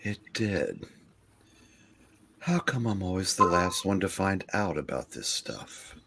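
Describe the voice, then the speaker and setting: A man voicing a smug male businessman from a comic, with a hushed, low mutter. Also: very animated, takes it slowly, creaky, a little hiss or hum, full character voice. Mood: brooding. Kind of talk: reading a comic aloud with voices.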